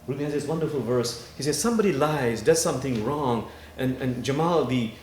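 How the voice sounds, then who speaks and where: Animated male preacher in an echoey hall. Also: medium pitch, a little hiss or hum. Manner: animated storytelling with dramatic pauses. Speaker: imam. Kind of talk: sermon. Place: worship hall. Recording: echoey hall, faint ambience.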